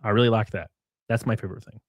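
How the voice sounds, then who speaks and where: A man's voice: on the low side, steady tone, racing, no echo. A man hosting a casual commentary stream, mocking and profane, who laughs often at what he reads out. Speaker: streamer host.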